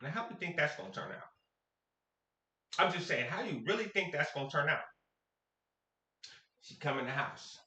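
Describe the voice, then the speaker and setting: Man, from sacramento, high lively voice, bright sharp tone, slangy casual storytelling, echoey room. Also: brisk, long pauses. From Sacramento, California. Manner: animated, slangy, acts out quotes.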